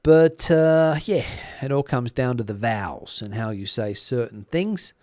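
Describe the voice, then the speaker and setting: A middle-aged Australian man hosts a casual live stream, talking in a loose, meandering way full of ums and restarts. His voice sits at an ordinary pitch and sounds close and dry, with no room around it. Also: unhurried, no echo. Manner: relaxed, rambling, many fillers and restarts. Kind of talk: casual live-stream chat reading comments.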